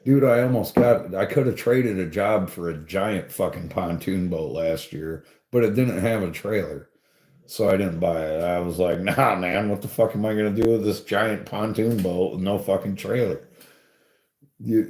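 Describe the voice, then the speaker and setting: A man's voice: sits low, darkish tone. A man telling a rambling, profane story in casual chat, laughing often and swearing freely. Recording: roomy echo.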